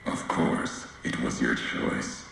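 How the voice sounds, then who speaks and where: An actor playing a grim, brooding male wanderer in a video game, speaking in slow, solemn fragments with a deep gravelly voice. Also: a bit bright, very echoey, slight background noise. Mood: accusing.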